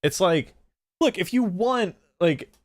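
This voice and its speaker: A young man hosting a livestream, chatting casually and profanely, with many restarts and animated outbursts. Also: sits high, takes it slowly, no echo, studio quality. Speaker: streamer host.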